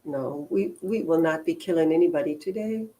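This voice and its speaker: A woman's voice: low voice, moderate pace, mellow. A woman co-hosting a casual livestream, cheerfully chiming in with short replies. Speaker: co-host.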